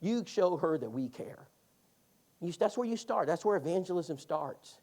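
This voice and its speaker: Preacher guy telling a story in class, voice swings all over the place. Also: normal speed. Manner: animated storytelling with lively pitch swings. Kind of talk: sermon class.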